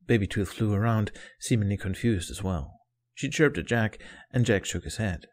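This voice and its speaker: A man narrating a fan fiction story as an audiobook, in a calm, steady storytelling manner. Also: fairly low pitch, a little fast.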